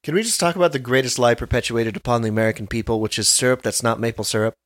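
A man's voice: medium pitch, racing, dry recording. A man co-hosting a podcast, chatting casually with dry, sarcastic humor. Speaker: podcast co-host. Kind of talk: casual chat.

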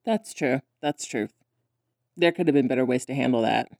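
A woman's voice: extremely low pitch, normal speed, darkish tone, no echo, clean studio sound. A woman co-hosting a casual podcast, recapping a cartoon and acting out the characters' lines in voices. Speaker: podcast co-host.

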